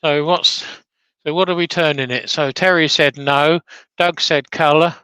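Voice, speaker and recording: A man's voice: on the high side, fairly even intonation, unhurried, pushed and bright, clear, resonant tone, dry recording, poor audio. A man demonstrating woodturning on a livestream, chatting casually with dry, practical jokes.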